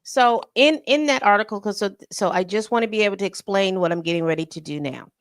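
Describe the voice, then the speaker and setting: A woman co-hosting a casual commentary stream, reading statements aloud and leaping high in pitch when incredulous. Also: dry recording, studio quality. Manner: reads statements aloud with pauses. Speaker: co-host. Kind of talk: casual commentary on a news story. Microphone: streaming setup mic.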